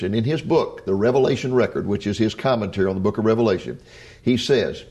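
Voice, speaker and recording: A man's voice: on the low side, mellow. An older man hosting an interview in a folksy, chuckling manner. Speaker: host.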